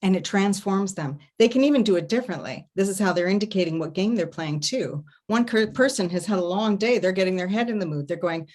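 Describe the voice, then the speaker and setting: A woman giving an online festival talk as an intimacy coach, expressive, humming and acting out little sounds to demonstrate her points. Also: mid-range voice, fairly quick, few pauses. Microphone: online video talk.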